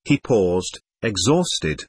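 Husky man narrating an audiobook. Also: fairly low pitch, very animated, very slow.

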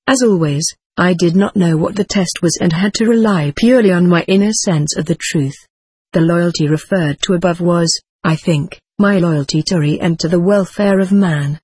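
A man reading a first-person account as audiobook narration, in a steady, measured way. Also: high-pitched, husky, no room sound.

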